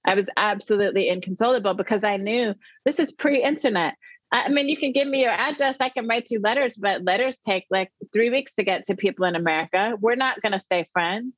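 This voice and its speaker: A woman's voice: medium pitch, fairly quick, no echo. Dry-sounding woman telling a story. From the Netherlands. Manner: animated, emphatic storytelling. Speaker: guest. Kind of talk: personal storytelling in an interview.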